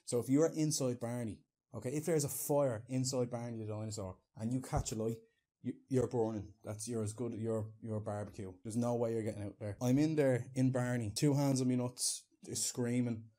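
A young Irish man telling a crude comic story as a vlogger, animated and prone to loud shouted outbursts. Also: medium pitch, moderate pace.

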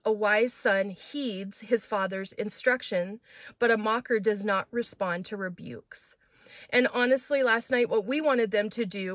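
A middle-aged woman pastor teaching through a Bible chapter in a chatty, animated way. She acts out quoted voices and talks with fillers and restarts. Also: medium pitch, no room sound.

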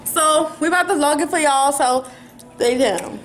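A woman's voice: high voice, normal speed, a little hiss or hum, low-quality recording. A young woman vlogging at home, chatting upbeat to the camera about her plans. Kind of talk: casual chat to camera. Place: at home, indoors. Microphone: handheld camera.

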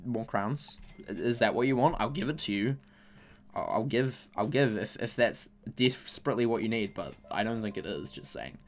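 Young dude griping about bad luck in a game, keeps repeating "i'm so mad", faint music playing behind. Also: male voice, medium pitch. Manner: exasperated, repeats himself, mock-angry complaints. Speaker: gaming YouTuber. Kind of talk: casual game commentary while opening packs.

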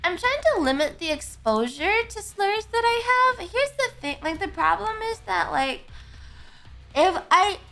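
Woman streamer, casual chat, sleepy and slurring, high and animated. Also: measured pace, faint music behind.

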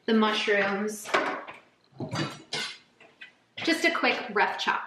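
A woman's voice: mid-range voice, expressive, measured pace, echoey room, noisy background. A young woman hosting a casual home cooking tutorial, chatty and bubbly as she talks straight to her viewers. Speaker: cooking channel host. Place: home kitchen.

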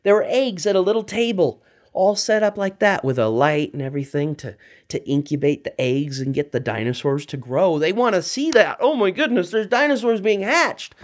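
A man retelling a film story for young children, animated and quizzing his listeners as he goes. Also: high voice, normal speed.

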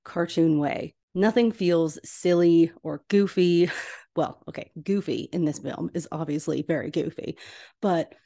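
Chatty woman host, lowish voice. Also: unhurried, creaky, mellow. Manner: gushing, enthusiastic, chatty with laughs. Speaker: podcast host. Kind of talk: casual film rewatch commentary.

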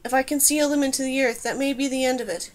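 A woman voicing an anxious, gentle male mage who mutters and frets. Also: very high voice, steady tone, fast. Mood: worried. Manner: fretful, muttering.

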